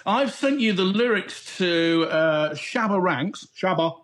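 A man's voice: high-pitched, animated, slow pace, a bit bright. A man co-hosting a morning radio show, teasing and playful. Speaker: radio co-host. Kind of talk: jokey morning radio banter.

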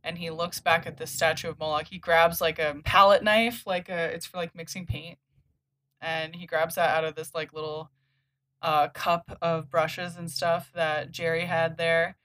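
A podcast host with a low female voice casually recaps a comic story at a moderate pace, a bit of hiss or hum in the background. Her retelling is animated as she acts out the characters' lines with laughs.

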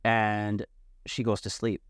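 A man telling a wild personal story as a podcast guest, animated and profane, leaning on "like" a lot. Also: on the low side, takes it slowly, clean tone, no room sound, studio quality. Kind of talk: casual storytelling.

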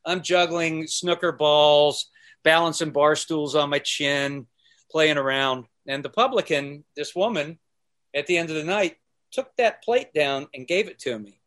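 A man guesting on a podcast tells stories in casual conversation, acting out the people he quotes and singing snippets as an animated storyteller. His voice is on the high side and he speaks a little slowly.

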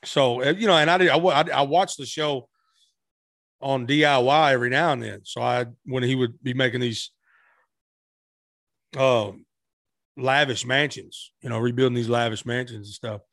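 A man's voice: mid-range voice, steady tone, moderate pace, creaky, pauses often, fairly bright tone, no echo, studio quality. A middle-aged man telling stories as a guest musician in a casual interview, rambling with frequent restarts.

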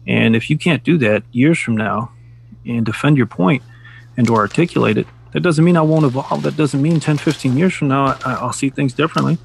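A middle-aged man co-hosting a casual podcast, telling reflective stories in a measured way and laughing at his own jokes. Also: mid-range voice, vocal fry, a little hiss or hum. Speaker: podcast co-host. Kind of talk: casual chat.

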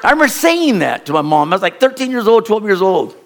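A middle-aged pastor preaches a sermon, telling a folksy, rambling childhood story in an animated way. His voice is high-pitched and his pace quick.

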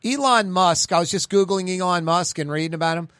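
A man's voice: high-pitched, brisk, fairly bright tone, smooth, dry recording. A man with a New Orleans accent hosting a radio talk show, rambling through stories and news. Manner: rambling, chatty, digressive. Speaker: radio host.

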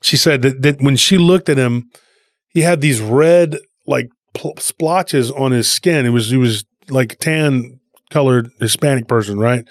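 A man retelling a listener's story on a podcast, animated and rambling, with frequent restarts. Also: mid-range voice, measured pace, no echo, studio quality. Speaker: podcast co-host.

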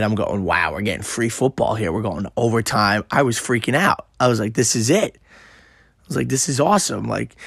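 A man with a gravelly, worn voice tells a football story in a casual, excitable way, swearing and filling gaps with "you know." His pitch sits in the middle, and the sound is dry and close. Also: no room sound. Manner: excited, swears often, many fillers. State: voice worn out from shouting. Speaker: podcast host.

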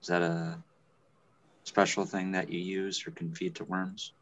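A man's voice: low-pitched, little pitch movement, unhurried, fairly bright tone, muffled recording. A man in a casual podcast chat, dry-humored and a bit hesitant. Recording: faint background noise.

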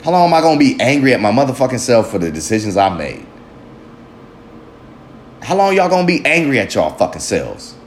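A man rants to his audience in a blunt, cussing, motivational monologue. He speaks at a mid pitch. His voice carries a roomy echo over faint background ambience. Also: sing-song, brisk, long pauses, slight background noise. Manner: heavily profane, emphatic, talks to himself. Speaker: vlog host. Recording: echoey room with faint ambience.

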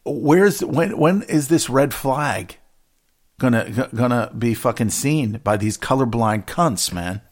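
A man ranting in casual conversation, indignant and profane, with halting restarts. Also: mid-range voice, animated.

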